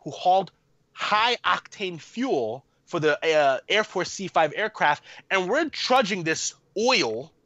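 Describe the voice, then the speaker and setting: A man in his thirties, a guest on an interview podcast, telling a story in a rambling, animated way with lots of fillers. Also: sits high, slow, dry recording. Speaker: podcast guest, army veteran. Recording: muffled lo-fi, dry room.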